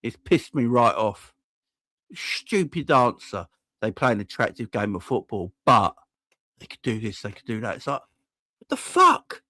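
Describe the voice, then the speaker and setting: A man's voice: on the low side, moderate pace, a bit bright, no room sound. A man hosting a live-stream football fan channel, ranting heatedly, swearing and talking to his chat.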